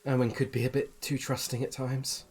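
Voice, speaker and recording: A man narrating as dungeon master in a relaxed, halting way with many pauses. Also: medium pitch, husky. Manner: relaxed, halting, lots of ums. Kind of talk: narrating a tabletop game.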